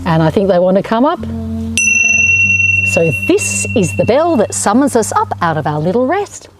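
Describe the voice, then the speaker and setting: A woman's voice: mid-range voice, sing-song, moderate pace, loud music behind the voice. An Australian woman leading a children's yoga class in an encouraging, sing-song way, with playful animal sounds. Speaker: kids yoga teacher.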